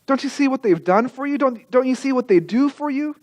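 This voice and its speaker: A man's voice: extremely high pitch, lively intonation, brisk, no room sound, pitched above the performer's own voice, rough recording. A man voicing an insistent young girl who repeats her questions earnestly while pleading with a friend.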